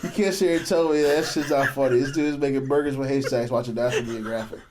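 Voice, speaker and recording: A man's voice: mid-range voice, fairly even intonation, fast, a crowd in the background. A man co-hosting a podcast in casual chat, laughing and teasing his friends. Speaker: podcast co-host. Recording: noisy room recording.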